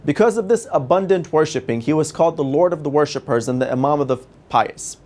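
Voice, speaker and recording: A man presenting a religious television series, giving a formal, measured and reverent scripted lecture. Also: on the high side, darkish tone.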